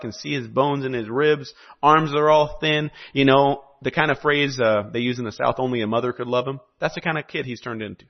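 A man preaching a sermon in an animated, conversational way with joking asides. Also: medium pitch. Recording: dull lo-fi recording.

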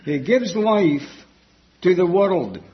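A man preaching a sermon, slow and emphatic, repeating key phrases, on a dull lo-fi recording. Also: high-pitched, expressive, husky.

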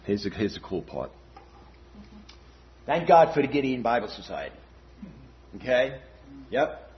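A man's voice: mid-range voice, very animated, measured pace, breathy edge. An older man giving a personal testimony at a church gathering, talking conversationally and often checking in with "all right?". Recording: dull lo-fi recording.

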